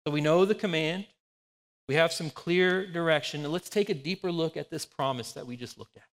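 A man in his forties preaches in a relaxed, conversational way. He tells homely stories to make his points. His voice sits notably high for a man. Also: fairly quick, in a large hall. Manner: conversational, anecdotal, animated storytelling. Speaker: pastor. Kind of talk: sermon.

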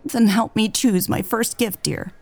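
A woman voicing a sad, frail elderly lady who speaks softly through sighs and tears. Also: a little high, fairly even intonation, measured pace, creaky, no room sound, faint music behind, voice pushed up. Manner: soft, sighing, wavering.

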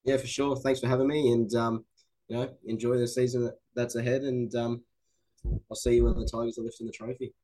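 A man's voice: mid-range voice, little pitch movement, brisk, dark tone. An Australian man joining a casual sports chat as a guest, answering in short, laid-back replies. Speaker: podcast guest.

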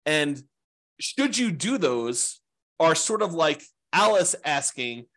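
A man's voice: on the high side, big pitch swings, slow pace, a bit bright. A man teaching an informal class on real estate investing, talking in a rambling, conversational way with frequent asides.

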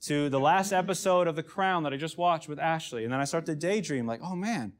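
A male pastor gives a sermon in an easygoing, self-deprecating way. His voice sits a little high, and he often drops to a quiet hush to land a point. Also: brisk. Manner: conversational, self-deprecating, drops to hushed emphasis.

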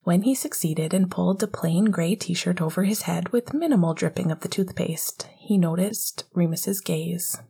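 A woman narrating an audiobook in a soft, half-whispered voice. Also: lowish voice, normal speed, vocal fry, few pauses, husky.

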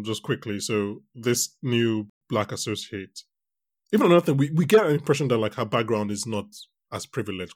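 A man's voice: fairly low pitch, dry recording, clean studio sound. A man hosting a podcast, chatting casually and rambling with many restarts about a TV show. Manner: rambling, self-correcting, animated. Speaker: podcast host. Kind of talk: casual chat reviewing a TV show.

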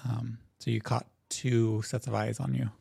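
A man narrating as game master of a tabletop role-playing game, describing scenes in a relaxed way. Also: mid-range voice, unhurried, vocal fry, husky. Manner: relaxed, descriptive, with frequent restarts.

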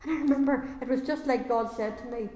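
A woman's voice: high-pitched, fast, mellow. A woman giving an earnest, emotional personal faith testimony to a gathering. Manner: earnest, emotional, growing intense. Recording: echoey hall with long reverb.

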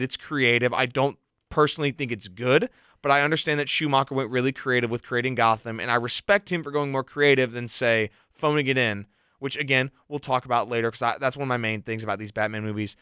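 A man's voice: medium pitch, brisk, clear, resonant tone, dry recording, studio quality. A man co-hosting a podcast, giving a casual, opinionated film review and laughing as he goes. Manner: opinionated, animated critique with laughs. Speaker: podcast co-host.

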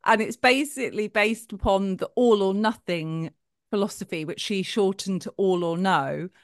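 A middle-aged woman co-hosting a podcast, chatting in an animated way and laughing easily. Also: medium pitch, moderate pace, dry recording, clean studio sound. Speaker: podcast co-host. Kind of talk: casual chat.

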